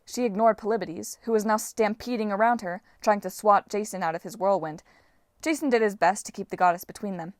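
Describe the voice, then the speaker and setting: A woman narrates a novel aloud in a steady storytelling voice. Her pitch sits in a middle range, and the recording is dry and close with no room echo. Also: brisk. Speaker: audiobook reader. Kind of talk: fan audiobook narration.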